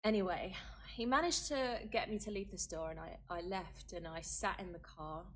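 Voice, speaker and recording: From an archived clip comes a woman's personal account in an interview, delivered earnestly and building in intensity, with filler words. She speaks at a normal speed in a somewhat low, slightly bright voice.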